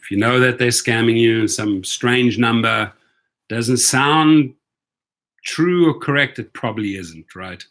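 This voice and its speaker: A man's voice: mid-range voice, slow, fairly bright tone. Man hosting an emphatic casual livestream. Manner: emphatic, rhetorical, keeps asking "right?". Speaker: rideshare channel host.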